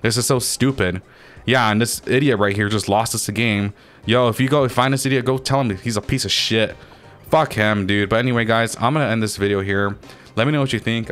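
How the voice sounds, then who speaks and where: A man's voice: lowish voice, fairly bright tone, smooth. A man doing gameplay commentary as a channel host, ranting and swearing in frustration at his teammates.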